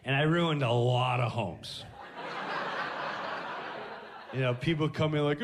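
A man hosting a podcast and telling comic stories, animated and laughing, jumping into voices. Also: medium pitch, takes it slowly, pauses often, background noise. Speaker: podcast host. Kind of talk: comic storytelling.

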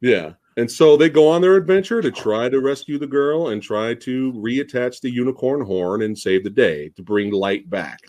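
A man hosting a podcast, chatting casually and excitedly about a movie, swearing freely and restarting his sentences. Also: mid-range voice, moderate pace, few pauses. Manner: excited, profane, lots of fillers and restarts. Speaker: podcast host. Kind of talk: casual chat.

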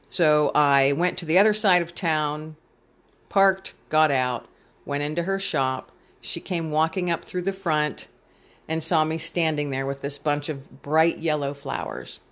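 A middle-aged speaker telling a personal faith story to an audience, earnestly acting out their own past thoughts in a gentle, heartfelt way. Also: medium pitch. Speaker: storyteller sharing a faith testimony.

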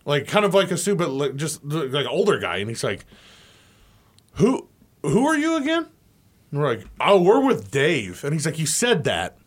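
A man on a sports talk show spins a rowdy story, his voice rising high and swinging widely as he acts out the people in it. He laughs through the telling and keeps the energy up. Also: sing-song, a little fast, hardly any pauses, husky. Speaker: sports radio co-host. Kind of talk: casual storytelling on a radio show.

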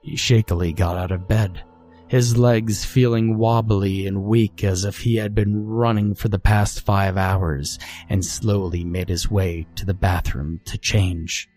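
A man narrating a scripted horror story in a slow, measured, brooding way. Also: lowish voice, steady tone, darkish tone, faint music behind.

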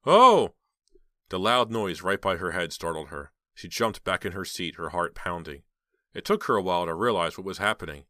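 A man narrating an audiobook in a steady, measured storytelling manner. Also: low-pitched, no room sound, studio quality.

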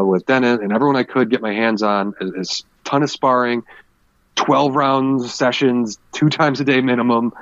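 A former MMA fighter talking candidly in a casual podcast conversation, rambling through stories with many fillers. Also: male voice, medium pitch, no room sound, highs cut off.

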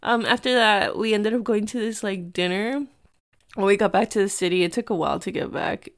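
A woman in her thirties from the United States chats through a story for her podcast. Her voice is smooth and clean, at a middle pitch. She talks in quick bursts and drops in Spanish phrases. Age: 30s. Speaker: podcast host. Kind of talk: casual chat.

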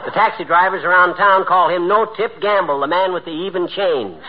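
A man's voice: high voice, fairly quick, lo-fi sound, close to an everyday voice. A man playing a boastful, wisecracking husband trading insults in a 1940s radio comedy. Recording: noisy old radio recording.

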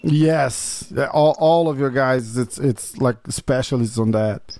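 A man's voice: medium pitch, slow pace, a little mellow, dry recording. A man co-hosting a casual chat about fighting, talking loosely and often tagging his points with a question. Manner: chatty, keeps tagging "right?". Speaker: co-host.

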